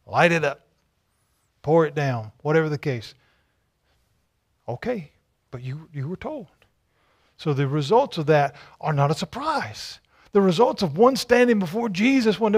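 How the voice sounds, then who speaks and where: Male pastor, high-pitched, emphatic sermon delivery with lots of repetition. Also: very animated, a little slow, pauses often, slightly rough. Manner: emphatic, repetitive rhetorical preaching with stammered restarts.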